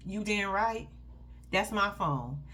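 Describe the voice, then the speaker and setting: A woman gives casual commentary on a reality show, blunt, heated and full of profanity, speaking straight to her viewers as "y'all." Her medium-pitched voice is animated, slow, pushed and bright.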